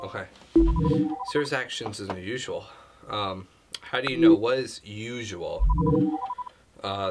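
A man's voice: on the low side, a little slow, pauses often, over loud music. A young man casually commenting on a game, reacting with sarcastic jokes as he reads messages aloud. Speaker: gaming channel host. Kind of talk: casual let's play commentary.

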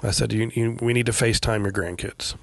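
A middle-aged man telling a personal story as a podcast guest, in a quiet, halting way with many pauses and fillers. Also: medium pitch, level tone, creaky, dry recording. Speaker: guest, veteran paramedic.

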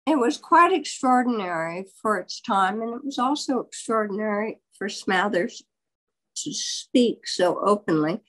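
A woman's voice: medium pitch, unhurried, poor audio. Older woman telling a wry anecdote. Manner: animated anecdotal storyteller, wry and candid. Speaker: biographer being interviewed. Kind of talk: storytelling in an interview.

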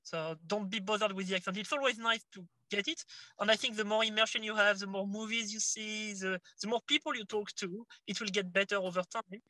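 A man with a French accent reassures listeners on a webinar panel. His voice sits high and bright, and the sound is dry and close. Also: steady tone, a little fast, dry recording, low-quality recording. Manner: reassuring, repeats words. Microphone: video call.

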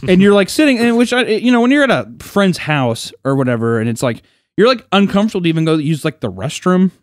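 A young man on a podcast, co-hosting, spins an animated, cuss-filled childhood story and voices the characters himself. His voice sits high and moves briskly, recorded with clean studio sound and no echo.

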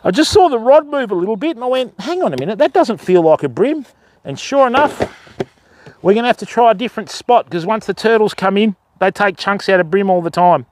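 An Australian man runs a relaxed fishing livestream outdoors beside a river, chatting with viewers and greeting them by name. His voice sits high, expressive and fairly quick, with no room sound.

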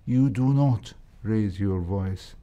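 Unhurried and thoughtful, an older Egyptian-accented heart surgeon whose native language is Arabic recounts his years in surgery during an interview. He talks slowly and in a measured way, with a low, mellow voice and frequent soft hesitations.

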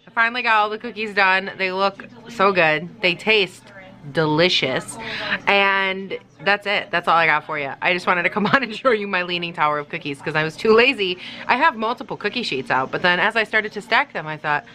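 A woman's voice: lowish voice, moderate pace, bright, forceful tone, rough recording. A woman vlogging in a casual, rambling way at home in her kitchen, swearing often and saying "like" a lot. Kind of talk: casual chat.

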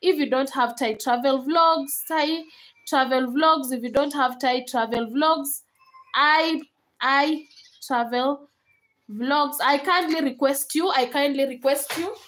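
A woman's voice: high-pitched, slow, fairly bright tone, a little hiss or hum, low-quality recording. A young Kenyan woman chatting casually to viewers on a live stream, laughing often and slipping between English and Swahili. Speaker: livestreamer.

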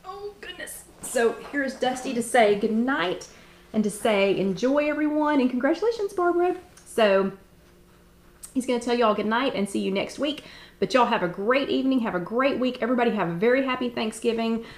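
A middle-aged woman, hosting a live-stream chat at home in a bubbly, excited way. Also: fairly high pitch. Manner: bubbly and excited, drawn-out exclamations. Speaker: host.

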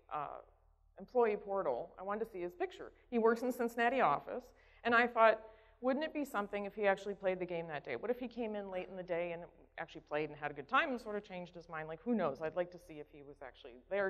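A woman's voice: mid-range voice, expressive, fairly quick. Chatty woman speaker in a hall. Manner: conversational, keeps asking "right?". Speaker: conference speaker. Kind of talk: storytelling conference talk. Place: conference hall stage. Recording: dull sound in a reverberant hall.

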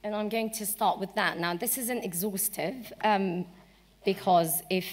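Croaky-voiced woman lecturing in a hall. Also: mid-range voice. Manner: measured, with frequent ums. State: croaky voice from a cold. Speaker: barrister giving a lecture. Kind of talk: legal seminar talk. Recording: long hall reverb.

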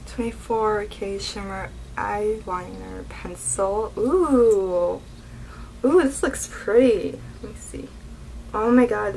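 A young woman vlogging as she unboxes beauty products, gushing and excitable. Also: mid-range voice, a little hiss or hum, rough recording. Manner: gushing, excitable, keeps saying oh my god. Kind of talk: unboxing vlog.

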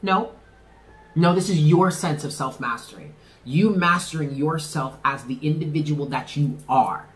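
A man giving a casual tarot reading to the camera, talking in an animated, slangy way with swearing and laughs. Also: on the high side, measured pace, faint music behind. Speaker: tarot reader.

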